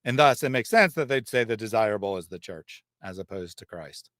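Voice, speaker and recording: A man's voice: lowish voice, lively intonation, a little fast, fairly bright tone, dry recording, clean studio sound. A man hosting a livestream, reading out chat comments and explaining in a conversational, thinking-aloud way. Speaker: channel host. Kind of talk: livestream discussion.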